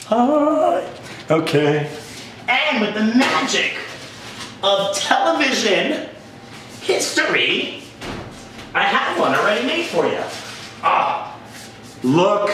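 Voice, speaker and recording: A man from New Jersey hosts a cooking demonstration with a playful, theatrical, joking delivery. His voice sits high for a man. It comes from a distance in a very echoey kitchen with a faint hiss. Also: very animated, takes it slowly, long pauses, pushed and bright. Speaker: cooking show host. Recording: very echoey room, distant mic.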